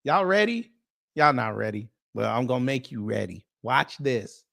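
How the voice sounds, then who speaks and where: A man's voice: mid-range voice, sing-song, moderate pace, gravelly, a bit bright. A man hosting a casual reaction stream, joking and talking straight to his viewers as he goes down a list. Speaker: commentary streamer.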